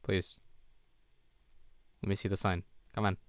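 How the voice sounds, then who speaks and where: A man's voice: low-pitched, little pitch movement, a little slow, no room sound. A man streaming from home, thinking aloud as he plays, second-guessing himself and sounding tired. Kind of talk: casual live-stream commentary while gaming.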